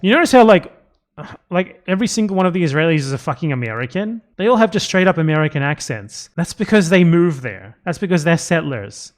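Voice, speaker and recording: A man's voice: on the high side, fairly quick, slight background noise. A man streaming live and commenting sarcastically on a video, swearing often. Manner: sarcastic, profane, animated.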